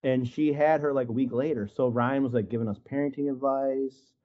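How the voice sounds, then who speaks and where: A man's voice: mid-range voice, steady tone, a little fast, dull audio. A man from Wisconsin telling stories as a guest, rambling and peppered with "like" and "you know". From Wisconsin, USA. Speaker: guest artist. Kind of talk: casual storytelling in an interview. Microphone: video call.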